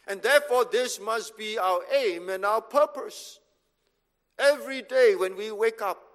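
Man, pastor, high-pitched, emphatic sermon delivery in a reverberant hall. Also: fairly bright tone. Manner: emphatic, measured, repeats phrases for stress.

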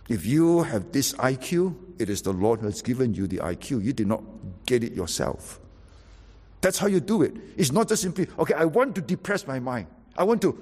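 A man preaching a sermon, emphatic and animated, swinging from loud exhortation to quiet, intimate drops. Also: on the low side, slightly rough, big-room sound.

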